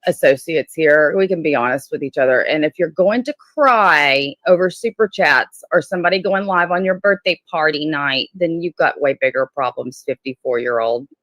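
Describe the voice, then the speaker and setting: Low-voiced, blunt woman streamer. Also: normal speed, few pauses, a bit bright, dry recording. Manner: blunt, defensive, filler-heavy. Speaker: livestream host. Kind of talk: casual livestream chat.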